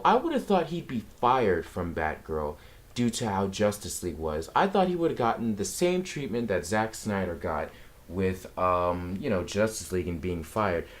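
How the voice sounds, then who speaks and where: Slow-talking man ranting with lively pitch. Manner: sarcastic, exasperated ranting. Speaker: film commentary vlogger. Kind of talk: casual ranting commentary.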